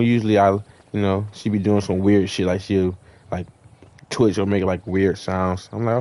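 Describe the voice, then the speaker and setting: A young man in voice chat, rambling through a profane story full of "like" and restarts, acting out lines with shouts. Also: low voice, flat delivery, moderate pace. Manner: acts out quoted lines, shouting and laughing. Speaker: gamer in voice chat.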